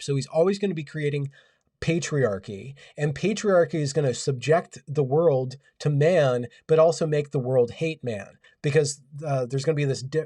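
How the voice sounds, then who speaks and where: A man's voice: mid-range voice, mellow, dry recording, clean studio sound, recorded from a distance. A man hosting a casual livestream, rambling wryly and reading out viewers' comments. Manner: rambling, wry, reads out chat comments. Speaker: livestream host. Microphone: home audio setup.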